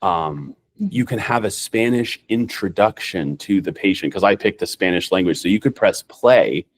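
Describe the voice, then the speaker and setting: A man's voice: deep voice, expressive, moderate pace, slight background noise. Chatty man giving a training demo. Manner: chatty, rambling, many fillers and restarts. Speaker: nurse practitioner and trainer. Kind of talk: casual screen-share training talk. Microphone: video call.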